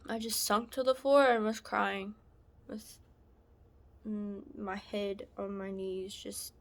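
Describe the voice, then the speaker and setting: A woman recounting a painful personal story in a halting, soft-spoken way, sometimes dropping to a whisper. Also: medium pitch, little pitch movement. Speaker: vlogger sharing a personal story. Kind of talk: emotional personal testimony.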